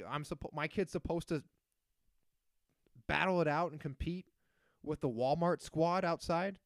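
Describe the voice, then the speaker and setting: A man's voice: on the high side, no room sound, clean studio sound. Sarcastic man ranting on a podcast. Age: 30s. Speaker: podcast host. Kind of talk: casual solo podcast rant.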